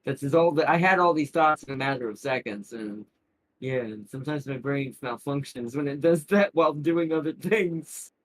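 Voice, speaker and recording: A man's voice: medium pitch, moderate pace, low-quality recording. A man streaming a strategy game, rambling through casual commentary with frequent laughs and restarted sentences. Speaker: gaming streamer.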